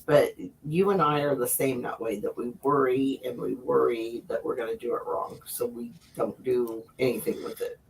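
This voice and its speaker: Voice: mid-range voice, steady tone, normal speed, vocal fry, hardly any pauses, a little hiss or hum, rough recording. A speaker in a casual group chat, talking in a chatty way and explaining things for the others with lots of "like".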